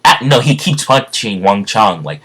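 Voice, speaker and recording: A man casually retelling a story off the cuff, rambling and halting, with many fillers and self-corrections. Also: lowish voice, big pitch swings, fairly bright tone, breathy edge. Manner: stumbles over words. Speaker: fan storyteller.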